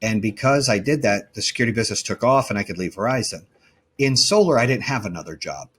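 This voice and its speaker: A man's voice: fairly low pitch, expressive, quick pace, a bit bright, breathy edge. A man being interviewed as a company founder, telling his story in a blunt, emphatic way and often correcting himself mid-sentence.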